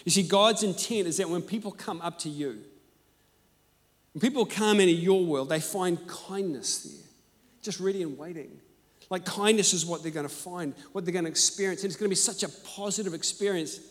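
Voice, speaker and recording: High-voiced preacher in an echoey hall. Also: male voice, normal speed. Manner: animated, emphatic, swings from loud to hushed. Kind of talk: sermon with personal storytelling.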